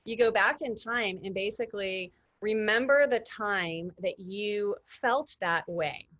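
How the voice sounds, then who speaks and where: A woman in her thirties talks through a casual online workshop, chatty and keen, often turning to her listeners. She stumbles over her words, with fillers and restarts, and sits at a middle pitch. Her voice comes across dry, with almost no room sound. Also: measured pace, fairly bright tone, dry recording. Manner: enthusiastic, addresses listeners as "you guys". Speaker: workshop host.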